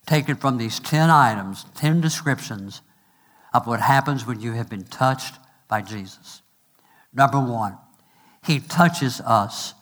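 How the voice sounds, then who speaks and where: A middle-aged male pastor preaching a sermon, asking "amen?" and slowing down to stress each point. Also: mid-range voice, fairly bright tone. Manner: preaching with call-and-response and numbered points; slows to stress phrases, quick asides.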